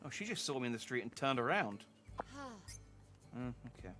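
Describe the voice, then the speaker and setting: A bright, ringing man's voice that swings widely up and down as he streams a game. He jokes and reads lines aloud with animated, mock-indignant flair, and music plays faintly under him. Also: medium pitch, a little fast. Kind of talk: casual gameplay commentary, reading dialogue aloud.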